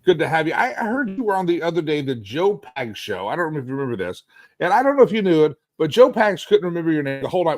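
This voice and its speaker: Middle-aged male host, sarcastic, animated, slightly high-pitched voice, dry close sound, rambly live-stream delivery. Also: fast talker, no room sound. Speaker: talk show host. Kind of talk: live political commentary stream. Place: hotel suite.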